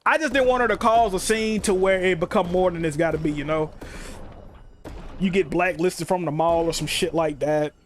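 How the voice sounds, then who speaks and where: A man, chatting casually on a game livestream, telling animated, profane stories full of slang. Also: high-pitched, moderate pace, a little hiss or hum. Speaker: game streamer.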